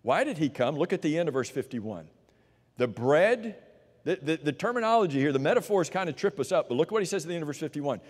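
A man preaching a sermon, walking listeners through verses with rhetorical questions and sinking to a quiet voice for emphasis. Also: sing-song, quick pace. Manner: drops to a low, quiet voice for emphasis. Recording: long reverb of a large hall.

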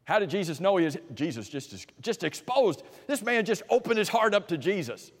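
A man preaching a sermon in an animated, dramatic way, his fairly high voice climbing to emphatic peaks and then sinking into quiet asides. A long hall reverb trails behind him, as in a church sanctuary. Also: normal speed, slightly rough.

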